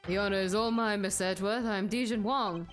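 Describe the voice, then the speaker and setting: A woman's voice: mid-range voice, steady tone, faint music behind, natural voice. A pompous male president, as a woman puts him on. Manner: slow, grandiose declarations. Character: pompous male head of state, commanding.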